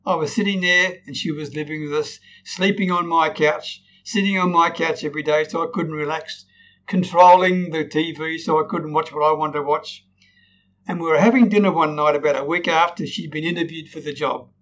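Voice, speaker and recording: A man's voice: a little high, fairly even intonation, fairly quick, fairly bright tone, dull audio. A man teaching how to tell stories in a recorded lesson, often checking in with "right?" and acting out example sentences in different tones. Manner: demonstrates tones, frequent "right?" tag questions. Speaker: storytelling coach.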